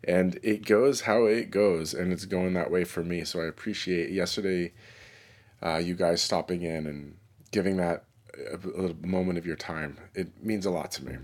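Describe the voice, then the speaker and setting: Solo podcast host, male, very low voice, unhurried and reflective, casual monologue. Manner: relaxed, reflective, with pauses and fillers. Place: New York City.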